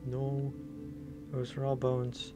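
A man's voice: mid-range voice, monotone, takes it slowly. A man commenting while playing a horror game, talking in a jokey put-on broken English and swearing playfully. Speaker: gamer. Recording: game music loud under voice. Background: game music.

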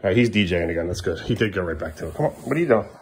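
A father speaks very fast in a low, animated voice, with slight background noise, while talking casually to his children in a vlog. Inside the family home, he scolds them firmly, repeating himself.

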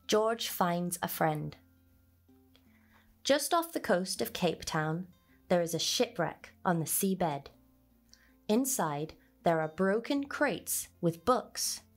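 A woman reading a children's picture book aloud in an expressive storyteller's voice. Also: lowish voice, creaky.

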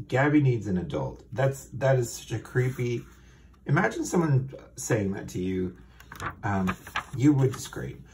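A man's voice: medium pitch, sing-song, unhurried, a little mellow. A man hosting a comedy show, reading a children's book aloud with dry, sardonic asides.

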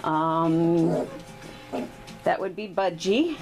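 A woman breeder talking casually while filming her puppies one-handed indoors, now and then cooing at them in a high baby-talk voice. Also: very slow, over music, rough recording. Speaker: dog breeder. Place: indoors at a puppy litter area. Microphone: handheld camera, filming one-handed.

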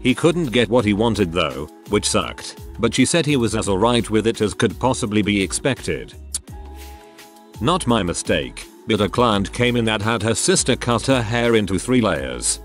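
Low-voiced man reading stories with lively pitch. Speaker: narrator. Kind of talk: reading internet stories aloud.

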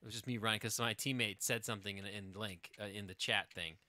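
A man's voice: fairly low pitch, fairly even intonation, fast, sharp tone. A man hosting a casual live stream with his wife, rambling and chatty, breaking off and restarting his thoughts, and reading silly word-game stories aloud with mock seriousness.

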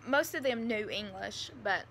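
Bright-voiced woman with a country accent. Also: mid-range voice, animated, measured pace, gravelly, slight background noise. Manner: rambling, earnest, many fillers. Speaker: adoptive mother vlogger. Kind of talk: casual storytelling.

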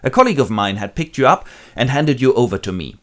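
A man's voice: mid-range voice, lively intonation, fast, pitched above the performer's own voice, close to an everyday voice. A man voicing a chatty old shepherd who works as a messenger. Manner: breezy, loud.

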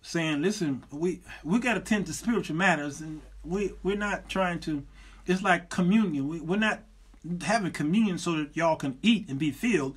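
A man's voice: on the high side, moderate pace, slightly rough. A man hosting his own show, teaching from the Bible in a loose, folksy way and stacking repeated words as he builds a point. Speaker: show host and preacher.

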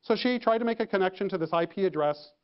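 A man telling a story to an audience, lively, acting out the phone calls he describes. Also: high voice, quick pace, clean tone, muffled recording. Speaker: keynote speaker. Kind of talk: storytelling talk.

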